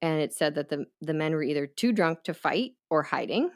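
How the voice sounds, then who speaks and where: Brief: deep-pitched woman host, casual chatty storytelling, quick asides. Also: animated. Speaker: podcast host.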